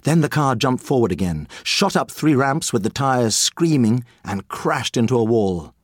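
A man reading a children's story aloud as an audiobook narrator, with lively, expressive storytelling. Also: medium pitch, moderate pace, dry recording, clean studio sound.

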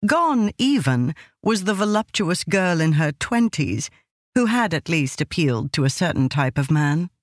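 A woman narrating an audiobook in a measured, expressive storytelling manner. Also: low voice, no echo, studio quality. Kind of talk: scripted narration.

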